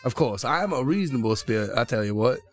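A man voicing a boastful demon axe murderer in a put-on Cajun accent, drawling slowly and calling people boy and baby. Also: medium pitch, animated, faint music behind, natural voice. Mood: menacing drawl. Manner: slow drawling delivery, calls listeners boy and baby. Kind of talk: dramatic letter reading.

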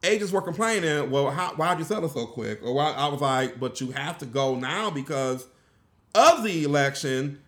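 A man's voice: a little high, moderate pace. A man hosting a casual interview podcast, a real estate agent telling stories animatedly and acting out what people said. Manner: animated storyteller who acts out quotes. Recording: echoey room.

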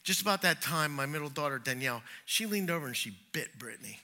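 A middle-aged man preaching a sermon, telling personal stories and acting out the voices he quotes, swinging between loud and hushed. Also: on the high side, expressive, fast talker, slight background noise. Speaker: pastor.

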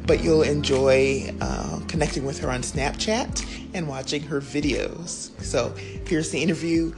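A woman's voice: low-pitched, a little slow, music in the background. A woman hosting an interview, upbeat and chatty, laughing often. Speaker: podcast host. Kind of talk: casual interview with a friendly intro.

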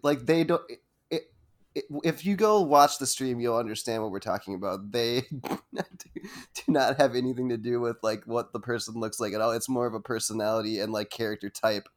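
A man's voice: medium pitch, fairly quick. A man hosting an interview, asking long, rambling questions full of fillers. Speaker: host. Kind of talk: casual interview chat.

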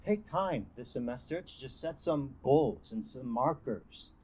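A man's voice: medium pitch, lively intonation, a little slow, darkish tone, husky, low-quality recording. A young man giving a casual devotional talk as a campus ministry speaker, chatty and full of fillers and restarts. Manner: conversational, lots of fillers and restarts.

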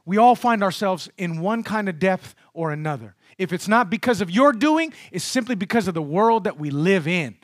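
A man preaching with a high, bright, ringing voice. He swings from loud, soaring calls down to hushed near-whispers. The sound is dry and close. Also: no echo. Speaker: pastor. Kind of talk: sermon.

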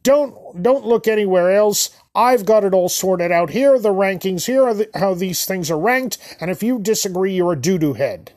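Smug, preachy ranker, lively and high, mocking tone ; a man putting it on. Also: moderate pace, few pauses, no echo, clean studio sound. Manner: mocking, self-important, childish. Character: smug know-it-all who ranks everything.

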